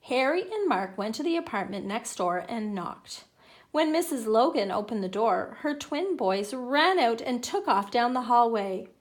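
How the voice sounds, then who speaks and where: A woman reading a children's picture book aloud in an animated, playful way. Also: a little high, a little slow. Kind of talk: children's story read-aloud.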